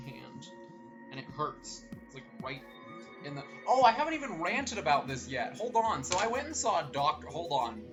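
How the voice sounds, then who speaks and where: A man's voice: fairly high pitch, sing-song, unhurried. A man casually commentating while streaming a visual novel, chatty and rambling with jokey complaints. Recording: slightly muffled stream audio with faint game music.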